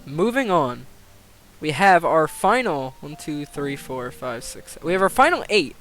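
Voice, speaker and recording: Hyped young guy streaming a sim game, highish voice, swears a lot, soft music underneath. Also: normal speed. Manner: excitable, swears, laughs, thinks aloud. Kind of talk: live-stream commentary on a game simulation.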